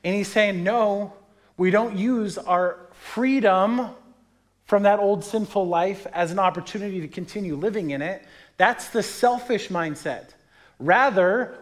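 A man in his thirties preaching a sermon with a fairly high, light voice. He talks in a chatty, conversational way and tells stories with quoted voices. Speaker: pastor.

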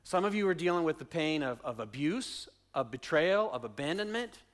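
A male pastor preaching a sermon in a church, using repeated questions and refrains and swinging between soft and loud delivery. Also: a little high, sing-song, normal speed. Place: church sanctuary.

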